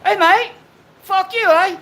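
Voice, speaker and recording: A man putting on a brash Australian accent for a cheeky, swearing mate, shouting in a raised voice. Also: takes it slowly, a little hiss or hum, full character voice. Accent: put-on Australian. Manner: loud, high, swearing, mock-tough.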